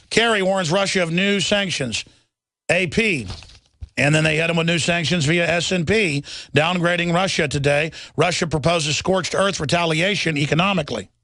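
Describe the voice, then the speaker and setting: On his talk radio show, a middle-aged man goes through the headlines and rants heatedly and at length, repeating words as he grows agitated. His voice is on the high side with a fairly bright tone.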